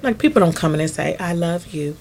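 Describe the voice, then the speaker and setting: A woman support worker talks candidly in an interview, reflecting in a loose conversational way. Her voice sits low. A faint hiss of room ambience runs underneath. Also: animated, fairly quick, darkish tone.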